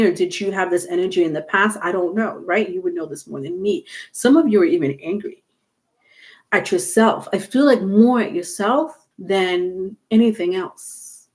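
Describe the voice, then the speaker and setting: A woman giving a casual livestream tarot reading, rambling and halting, with many fillers and restarted words. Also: mid-range voice. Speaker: tarot reader.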